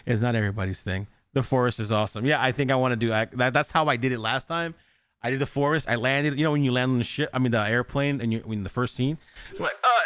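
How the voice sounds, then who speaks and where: A man's voice: medium pitch, fast talker, a bit bright, clean tone, no room sound. A man hosting a casual podcast who rambles, swears freely and laughs often. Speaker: podcast host.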